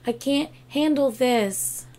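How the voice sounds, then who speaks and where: A woman's voice: high voice, takes it slowly. A young woman hosting a reaction video, gushing with emotion and exclaiming often over what she watches. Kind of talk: casual reaction commentary. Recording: loud music video playing behind. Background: music.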